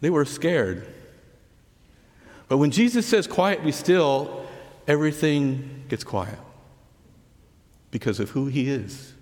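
A man preaching a sermon, telling the story earnestly and dropping to soft, hushed words on key lines. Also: medium pitch, very animated, takes it slowly, pauses often. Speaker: pastor. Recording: long hall reverb.

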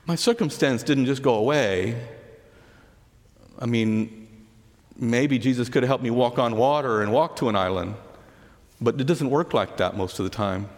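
A man preaching a sermon, telling the story earnestly and dropping to soft, hushed words on key lines. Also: mid-range voice, moderate pace, pauses often. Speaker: pastor. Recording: long hall reverb.

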